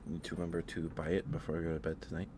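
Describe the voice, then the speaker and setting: A man streamer ending his stream, talking softly and rambling with fillers, his throat dry and his voice wearing out. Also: extremely low pitch, completely flat delivery, very fast, slight background noise. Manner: soft-spoken, rambling with fillers. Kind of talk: end-of-stream chat. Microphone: headphones and desk mic.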